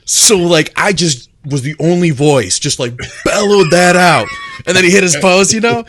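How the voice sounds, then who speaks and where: A man co-hosting a podcast, telling a rambling, excited story in casual chat. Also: sits high, moderate pace, a little hiss or hum. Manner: rambling, excitable, laughs often. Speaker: podcast co-host.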